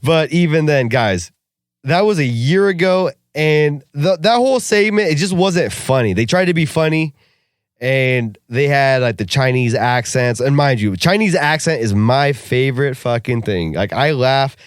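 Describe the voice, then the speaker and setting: A man co-hosting a casual podcast, ranting in a profane, animated way and laughing often. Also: mid-range voice, unhurried, smooth, dry recording, clean studio sound. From Russia. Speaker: podcast co-host. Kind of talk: casual chat.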